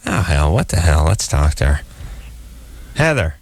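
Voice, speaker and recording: A man's voice: extremely low pitch, very animated, a little slow, no echo. A man hosting a call-in radio show, talking in a casual, sarcastic and joking way. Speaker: radio host.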